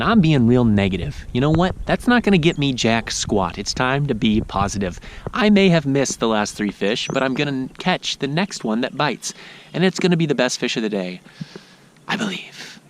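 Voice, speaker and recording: Excitable low-voiced man on a kayak. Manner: excitable, swings between frustration and cheer. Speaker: fishing vlogger. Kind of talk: casual outdoor vlog narration. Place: kayak on a lake outdoors. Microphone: action camera. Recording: noisy outdoor action-camera audio.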